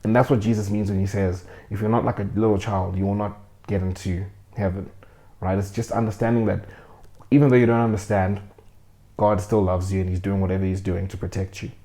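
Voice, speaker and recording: A man's voice: fairly low pitch, little pitch movement, a little fast, warm tone. A young man hosting a casual, earnest faith talk to his viewers, talking conversationally and acting out the voices he quotes. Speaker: host.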